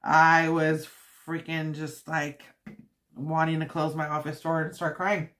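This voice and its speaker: A woman's voice: sits low, little pitch movement, unhurried, fairly bright tone. A woman hosting a live stream, chatting casually and venting in a rambling way with many fillers. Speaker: channel host.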